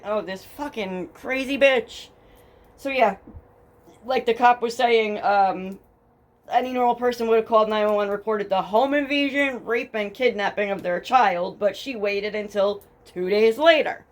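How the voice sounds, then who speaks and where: On a headphones-and-home-mic setup, a young woman with a New Jersey accent speaks a little high at a moderate pace. Hosting her true crime podcast, she reads case documents aloud, then breaks off to mock them bluntly and sarcastically, swearing a lot in her casual storytelling.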